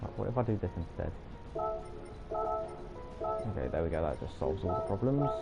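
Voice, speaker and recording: A man's voice: low-pitched, big pitch swings, normal speed, gravelly. A young man, streaming a racing game and trading teasing, jokey banter with his chat. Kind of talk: live gameplay chat with viewers. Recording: slightly dull audio with music behind.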